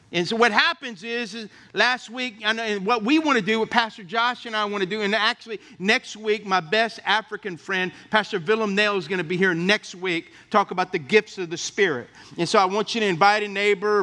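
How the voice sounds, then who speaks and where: A man's voice: sits high, pushed and bright. A male pastor giving a sermon in a folksy storytelling way, often checking in with the congregation.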